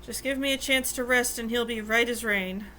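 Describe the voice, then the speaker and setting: A woman voicing a brisk, folksy female healer who reassures the party. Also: fairly high pitch, steady tone, bright, forceful tone, slight background noise, poor audio. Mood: reassuring.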